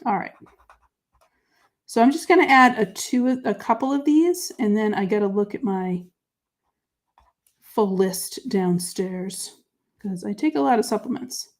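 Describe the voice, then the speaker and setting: A woman hosting a live crafting show, chatting with viewers and talking through each step, her voice dropping to quiet murmurs while she writes. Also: mid-range voice, lively intonation, unhurried, long pauses. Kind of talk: live crafting chat, answering viewer comments.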